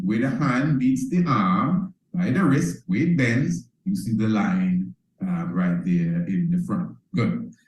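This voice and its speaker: A man's voice: fairly low pitch, a little mellow. A man giving a motivational teaching talk, preacherly, repeating phrases and checking in with "you understand?". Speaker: priest teaching a self-improvement course. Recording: roomy echo.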